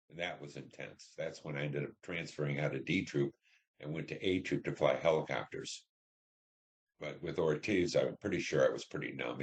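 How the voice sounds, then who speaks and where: Older guy from detroit, super low voice, slow halting war stories, lots of uhs. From Detroit, Michigan. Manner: halting, reflective storytelling with many fillers. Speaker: Vietnam veteran interviewee. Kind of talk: oral history interview.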